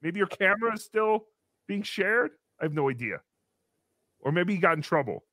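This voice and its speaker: A man hosting a comedy podcast, congested from a cold, talking in a loud, playful, crude way. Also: sits high, sing-song, moderate pace, dry recording, clean studio sound. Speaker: podcast host. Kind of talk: comedic livestream chat.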